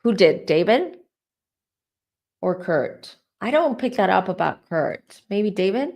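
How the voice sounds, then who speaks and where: A middle-aged woman hosts a live tarot reading. She talks in a loose, rambling way and is openly emotional. Her voice sits in an ordinary middle pitch. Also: sing-song, slow, darkish tone. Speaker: tarot reader.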